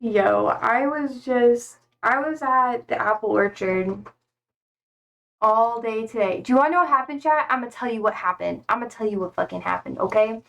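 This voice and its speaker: A woman's voice: fairly high pitch, moderate pace, vocal fry, fairly bright tone. A young woman streaming live, chatting casually with her viewers, laughing often and swearing freely. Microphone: streaming setup.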